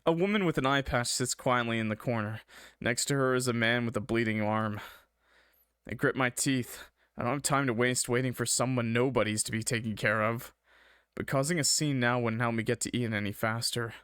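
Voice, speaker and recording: This young streamer talks fairly quickly in a smooth, slightly bright mid-range voice, captured in a dry, studio-quality recording. Reading a visual novel aloud with dramatic flair, he keeps interrupting himself with offhand jokes.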